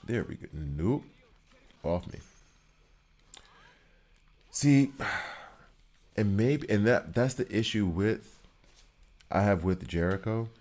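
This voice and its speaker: A man's voice: on the low side, animated, slow, pauses often, a little mellow. A man giving casual, rambling commentary while playing a video game, joking and repeating himself for emphasis. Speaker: gaming streamer.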